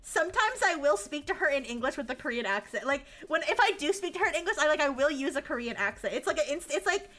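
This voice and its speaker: A young adult woman streaming live, chatting casually about news, animated and laughing, rambling with frequent restarts. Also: sits high, fast talker, few pauses. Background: faint music.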